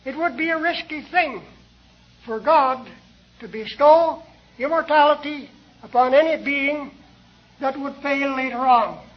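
A man preaching a sermon in a deliberate, measured way, pausing often between phrases. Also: very high voice, muffled recording. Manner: slow, deliberate, with many pauses.

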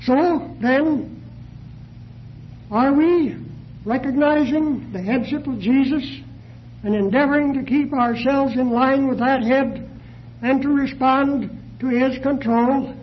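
A man with a very high voice delivers a sermon at an unhurried, deliberate pace, posing questions to his listeners. The sound is dull and lo-fi, with faint hiss underneath, like an old tape recording. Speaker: preacher.

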